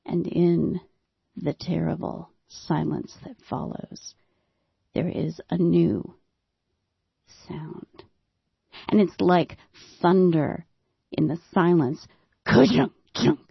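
A woman telling a personal story in a slow, unhurried way, with wry, dry humor. She drops into hushed, dramatic tones at the tense moments. The recording is dry and slightly dull. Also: on the low side, steady tone, creaky, slightly rough, dry recording.

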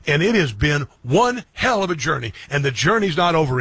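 A man's voice: on the high side, very animated, moderate pace, a bit bright, husky, dry recording. A middle-aged man hosting a radio and streaming show, speaking earnestly to his listeners and often repeating and restarting phrases. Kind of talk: reflective monologue to listeners.

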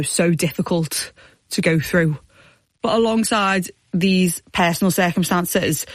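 A woman presenter narrating a scripted radio documentary in a clear, explanatory way. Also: lowish voice, no room sound.

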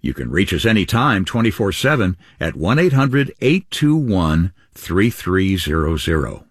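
A man co-hosting a radio ministry program, upbeat announcing with wide pitch swings. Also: very animated, measured pace, breathy edge, no room sound, studio quality.

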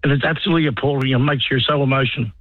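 A man's voice: medium pitch, fairly even intonation, rapid-fire, a little hiss or hum. An Australian man in his fifties, an army veteran calling in, indignant and blunt. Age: 50s. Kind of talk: talkback phone call. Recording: tinny phone line.

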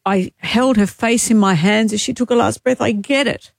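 A woman's voice: fairly high pitch, moderate pace, creaky, no room sound. A woman in her sixties talks candidly on a breakfast radio show, her voice full of emotion. The studio sound is dry and close. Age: 60s. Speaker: radio co-host. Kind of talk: casual breakfast radio chat.

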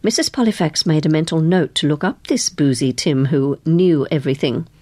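Brief: low, expressive woman storyteller, dry close recording. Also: moderate pace, no echo. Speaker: audiobook narrator. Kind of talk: scripted narration.

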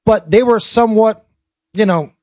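An American man with a high voice hosts a talk show in a blunt, opinionated way, cracking jokes between questions. The sound is dry and close, with no room around it. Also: normal speed, warm tone, no echo. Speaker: show host. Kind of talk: casual political talk show chat.

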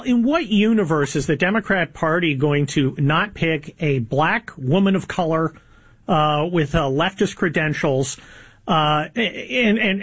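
Husky high-voiced sarcastic male host. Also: fairly bright tone, no echo. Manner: sarcastic, opinionated, halting with many fillers. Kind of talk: political talk show conversation.

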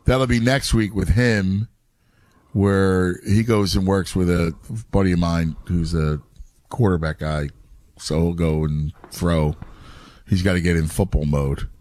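A man's voice: sits low, fairly even intonation, unhurried, darkish tone, no echo. A middle-aged man in casual chat who talks animatedly, stumbles over his words, and says "dude" a lot.

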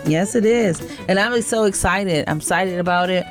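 A woman, chatting on the radio about an event she organizes, upbeat and quick to laugh. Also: fairly low pitch, over music. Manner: upbeat, laughs often, spells out web addresses. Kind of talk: casual radio chat.

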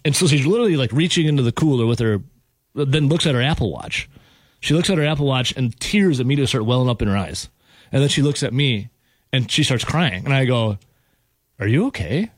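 Animated radio host telling a story. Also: male voice, mid-range voice, fairly quick, no room sound. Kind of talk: casual storytelling chat.

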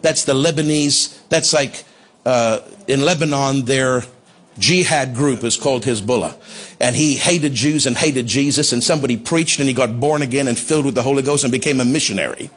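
A man pastor telling a testimony in a sermon, impassioned, building to shouts at the climax. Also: mid-range voice, moderate pace. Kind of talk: sermon storytelling.

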